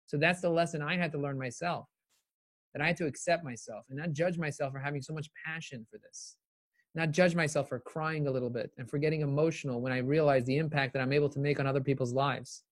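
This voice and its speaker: Energetic emphatic man, higher voice. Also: fast, no room sound, clean studio sound. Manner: emphatic and animated, repeating phrases for emphasis. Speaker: motivational speaker on a live stream. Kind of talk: live-streamed motivational talk answering viewer questions.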